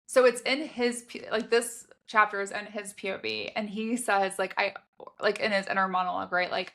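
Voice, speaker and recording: Woman co-host, casual book chat, lively, reads excerpts aloud. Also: medium pitch, moderate pace, gravelly. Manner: animated, laughs while reading. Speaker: podcast co-host.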